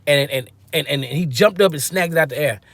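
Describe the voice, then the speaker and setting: A man's voice: fairly high pitch, brisk, gravelly, a bit bright, dry recording. A man giving a casual, slangy football-fan rant, joking and acting out quotes as he goes. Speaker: sports fan commentator.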